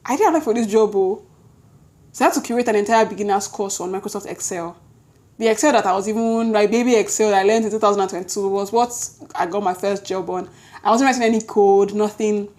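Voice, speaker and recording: A young woman with a Nigerian accent, telling a story in a lively, chatty way to her vlog audience. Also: medium pitch. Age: young adult. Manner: lively, chatty, quick self-corrections, Nigerian slang interjections. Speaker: vlogger. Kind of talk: casual storytelling to camera.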